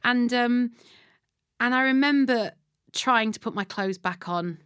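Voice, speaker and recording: A woman in her thirties, a podcast guest, telling a candid personal story in a lively, self-deprecating way and acting out what people said. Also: fairly high pitch, a little slow, clean tone. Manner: animated, acts out quoted speech, self-deprecating humour. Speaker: podcast guest, radio and TV presenter.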